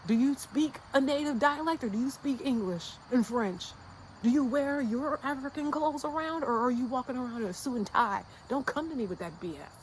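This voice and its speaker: A woman's voice: high voice, brisk, slight background noise, poor audio. An American woman giving a casual, emphatic motivational rant to her channel, blunt and slangy, hammering her points through repetition. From United States. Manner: fired-up and insistent. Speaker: YouTube creator.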